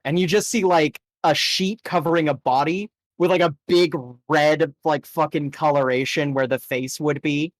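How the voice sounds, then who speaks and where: A man narrates as game master with a slightly higher voice, enthusiastic and a bit rambling. The sound is dry and close. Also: steady tone, normal speed, hardly any pauses, no room sound.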